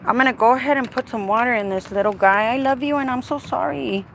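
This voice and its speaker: A woman's voice: on the high side, fast, a bit bright. A woman chatting casually to her viewers while working on her car outdoors, playful and talkative. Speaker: vlogger. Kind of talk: casual live-stream chat. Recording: outdoor recording with clear background noise.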